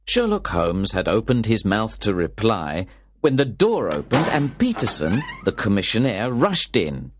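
A man's voice: on the low side, big pitch swings, measured pace, noisy background. A man reading scripted narration of a detective story.

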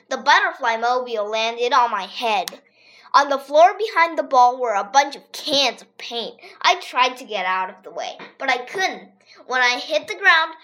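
A child reading a funny children's story aloud in a lively, expressive way. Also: high-pitched. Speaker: reader.

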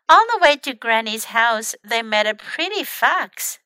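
A female children's English teacher with a high-leaning, very animated, smooth voice reads a picture book aloud a little slowly, in a dry recording. Gently explaining as she goes, she reads to children in both English and Chinese.

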